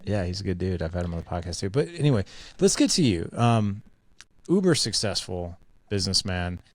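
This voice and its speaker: In a relaxed interview, a male podcast host jokes around with lots of energy and many fillers. He speaks a little fast in a low voice, captured in a dry, studio-quality recording.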